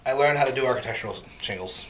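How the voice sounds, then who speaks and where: A man's voice: mid-range voice, rapid-fire, a crowd in the background. A man from Massachusetts, telling profane stories in a casual podcast chat and acting out what people said. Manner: animated, profane, acts out quotes. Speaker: podcast co-host.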